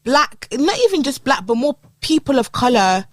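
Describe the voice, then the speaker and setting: A young woman co-hosting a casual podcast, slangy and expressive. Her high voice swings widely as she talks, and the recording is dry and close. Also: moderate pace, no echo. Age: young adult. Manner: expressive, slangy, mimics teachers. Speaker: podcast co-host. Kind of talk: casual chat.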